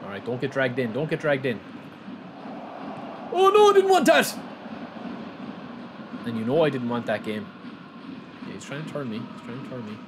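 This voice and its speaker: A man hosting a gaming channel, giving excitable live commentary on his own match, shouting at the play and calling viewers lads. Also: mid-range voice, fast talker, background noise.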